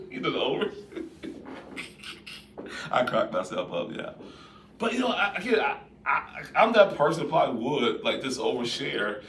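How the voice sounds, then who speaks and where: A man hosting a live-stream talk, speaking in a lively, conversational way and putting questions to his viewers. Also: mid-range voice, moderate pace, a little hiss or hum. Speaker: host. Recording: roomy echo, distant mic.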